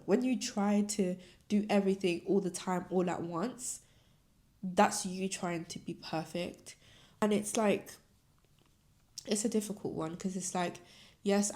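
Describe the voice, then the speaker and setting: A woman's voice: lowish voice, darkish tone. A young woman in her twenties hosting a solo podcast, chatting earnestly and emotionally with many "like"s. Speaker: podcast host. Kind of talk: casual solo podcast chat.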